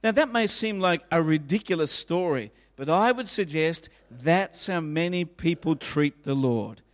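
High-voiced preaching man in a reverberant hall. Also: expressive, unhurried. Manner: emphatic, repetitive preaching with acted quotes. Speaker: pastor. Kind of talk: sermon. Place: church.

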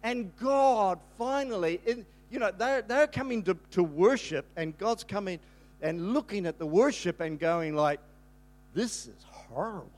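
An older man preaching from the pulpit with a high, lively voice. He tells stories in a rambling, animated way, stops to restart his sentences, and suddenly breaks into loud shouts. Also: unhurried. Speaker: pastor. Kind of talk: storytelling sermon.

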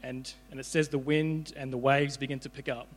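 A young preacher gives an informal, conversational sermon, often repeating his words as he goes. His mid-range voice is level in tone and fairly quick, recorded with hall reverb and mains hum.

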